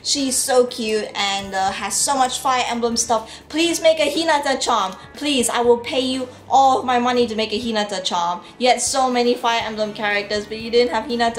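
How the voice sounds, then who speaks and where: A young woman vlogger gushing and rambling about her art haul, full of fillers and restarts. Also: on the high side. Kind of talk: casual chat. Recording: echoey room with faint music.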